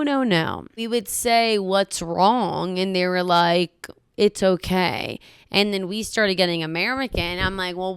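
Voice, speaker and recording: A young woman comedian spins brash, profane stories in a casual podcast chat, tossing in quick mock voices. Her voice sits a little low and is strikingly smooth and clean. The sound is dry and close. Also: no echo.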